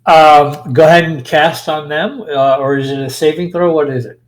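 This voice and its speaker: Male game master, casual and matter-of-fact, voice a touch high. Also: steady tone, moderate pace. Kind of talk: running a tabletop game.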